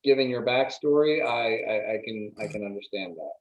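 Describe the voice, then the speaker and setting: A man's voice: lowish voice, expressive, dull audio. A man running a tabletop game as game master, talking casually with frequent restarts and fillers. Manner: halting, many restarts and fillers.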